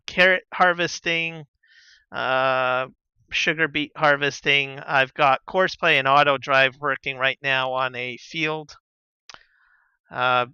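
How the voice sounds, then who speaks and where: A man chatting casually on a live gaming stream, relaxed and rambling with lots of fillers and soft chuckles, on a slightly dull lo-fi mic. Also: medium pitch, clear, resonant tone, dry recording. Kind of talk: casual live-stream chat while playing.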